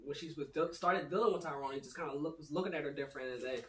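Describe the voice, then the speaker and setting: A woman hosting a casual book discussion, retelling the plot in a chatty, animated way with many fillers. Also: deep voice, rapid-fire. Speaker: host. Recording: echoey room, distant mic, faint noise.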